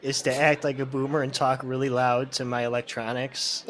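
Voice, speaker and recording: A man's voice: medium pitch, flat delivery, moderate pace, fairly bright tone. A man co-hosting a casual podcast chat, adding laid-back asides and chuckling at his own bits. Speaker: podcast co-host.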